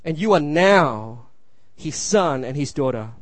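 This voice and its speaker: A man's voice: fairly high pitch, animated, measured pace, dry recording. A man in his thirties preaching a sermon, earnest and repetitive, often asking his listeners "you see?". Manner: earnest, repeats phrases, asks the room "you see?". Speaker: pastor.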